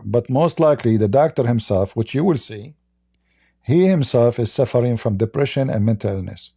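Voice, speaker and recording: A man's voice: mid-range voice, expressive, moderate pace, mellow, husky, no echo. Guy w as ranting on his stream, blunt n mocking, dry close sound. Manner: blunt, mocking, repetitive restarts. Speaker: livestream host. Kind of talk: livestream monologue.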